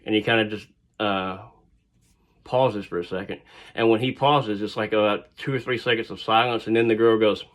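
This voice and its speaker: A man's voice: on the low side, steady tone, normal speed, fairly bright tone. A man casually telling a personal story, rambling and digressive with frequent fillers.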